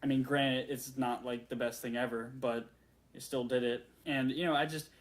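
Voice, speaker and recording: A man in his late twenties telling a story in a rambling, excitable way, full of fillers and restarts. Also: mid-range voice, moderate pace. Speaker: vlogger. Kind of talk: casual storytelling rant.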